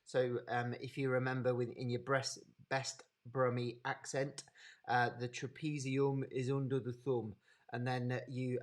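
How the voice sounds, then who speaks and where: A man with a Birmingham accent giving an informal anatomy lecture over a live webinar, chatty and unhurried, greeting attendees by name. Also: mid-range voice, level tone. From English Midlands.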